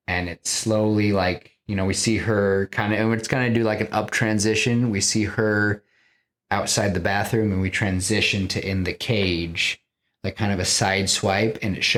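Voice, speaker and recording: A man hosting a podcast, casually pitching a story in an animated, rambling way with lots of fillers. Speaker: podcast host.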